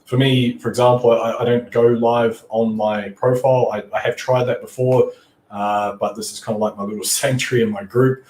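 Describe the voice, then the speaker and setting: A man's voice: mid-range voice, little pitch movement, moderate pace, darkish tone, roomy sound. A man hosting a live stream and giving casual coaching tips in an easygoing, chatty way. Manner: easygoing and chatty, with frequent restarts and "you know".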